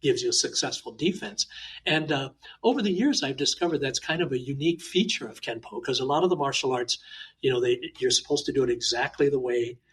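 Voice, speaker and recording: A man from Hawaii, a martial arts teacher, chatting in an interview and telling lively anecdotes with frequent uh fillers. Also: mid-range voice, quick pace, slightly rough, poor audio. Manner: animated, talkative anecdotes with many uh fillers. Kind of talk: casual interview storytelling.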